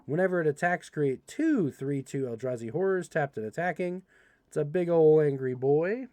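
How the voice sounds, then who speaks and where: A young man hosting a livestream, casually reading card text aloud and joking with chat in an animated way. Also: fairly high pitch, no echo. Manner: animated, reads card text quickly, playful asides to chat. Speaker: livestream host opening card packs.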